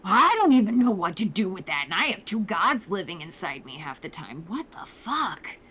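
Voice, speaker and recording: A woman's voice: medium pitch, big pitch swings, moderate pace, sharp tone, slight background noise. A woman voicing a brash female guardian who swears freely, quoted in a game recap. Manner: profane, brash. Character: brash female guardian with gods inside her.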